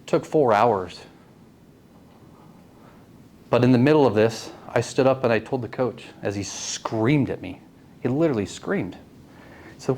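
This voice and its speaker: A man's voice: medium pitch, expressive, normal speed, a little mellow. Earnest man telling his story to a group. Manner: earnest, asks the audience questions. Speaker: speaker at a networking group. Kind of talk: personal story talk. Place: meeting room.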